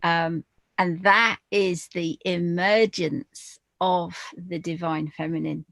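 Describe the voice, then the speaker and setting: A woman talking slowly and deliberately as a guest in a spiritual podcast conversation. Her lowish voice has a gravelly fry. She pauses often, with fillers between her phrases. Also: steady tone, fairly bright tone, no room sound. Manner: slow, deliberate, hesitant with fillers.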